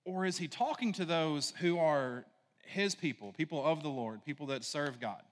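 A man's voice: fairly high pitch, lively intonation, normal speed, long reverb tail. A man preaching a conversational sermon, casual and rambling, full of asides and "right?" checks to the congregation. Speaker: pastor.

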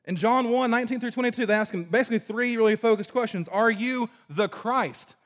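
A high-pitched man preaches in a loose, chatty way, dropping fillers and tossing questions out to his listeners. He sounds like a youth pastor talking through scripture. The sound rings with the long echo of a church hall. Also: a little fast, a bit bright. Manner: chatty, filler-heavy, asks the audience questions. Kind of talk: casual conversational sermon. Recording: echoey hall.

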